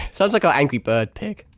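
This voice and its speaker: With a mid-range, fairly bright voice and no room sound, a young man talks casually during a gaming live stream. Hours of chatting have left his voice a bit strained, and he curses freely and mocks himself.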